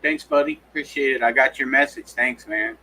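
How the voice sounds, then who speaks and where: A man's voice: medium pitch, fairly quick, pushed and bright, slight background noise, poor audio. A man co-hosting a casual live-stream podcast, loose and swearing casually. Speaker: podcast co-host.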